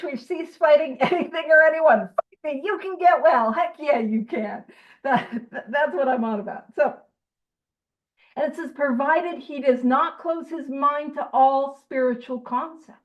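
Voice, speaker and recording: High-voiced woman leading a recovery study. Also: muffled recording. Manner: lively, joking, emphatic. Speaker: meeting chair reading aloud. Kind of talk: recovery meeting group study.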